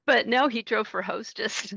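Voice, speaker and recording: A woman's voice: a little high, normal speed, gravelly, pushed and bright, husky, dry recording, dull audio. A middle-aged woman, a truck driver, telling stories in a casual interview and animatedly acting out the voices she quotes.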